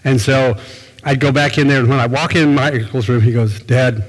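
A man's voice: medium pitch, steady tone, a little fast, husky, long reverb tail, low-quality recording. An older man, a pastor, preaching a sermon in a folksy, conversational storytelling way.

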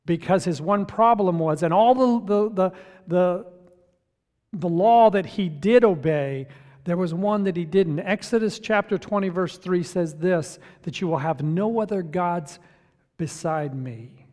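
A man preaching a sermon as pastor in a church, swinging from hushed to loud and emphatic. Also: sits high, unhurried. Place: church sanctuary. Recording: long reverb of a church hall.

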